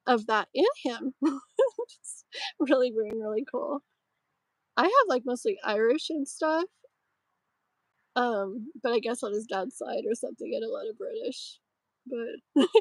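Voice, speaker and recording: A woman in her thirties rambles through a live tarot stream, full of "like" and "um." Her voice sits a little high and sounds slightly strained, with throat-clearing. The sound is close and dry. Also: no room sound, poor audio. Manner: rambling, filler-heavy, chatty. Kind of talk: casual live-stream chat.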